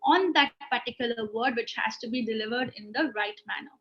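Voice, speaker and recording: A woman's voice: fairly high pitch, brisk, dull audio. A woman tutoring English in an online speaking lesson, patiently explaining step by step with frequent "okay"s. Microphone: video call.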